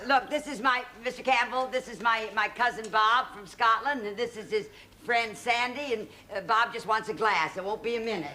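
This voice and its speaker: An actress playing a prickly, flustered American author in a 1970s studio sitcom, brash and stammering. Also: female voice, a little high, moderate pace, pushed and bright. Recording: studio audience laughter. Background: audience laughter.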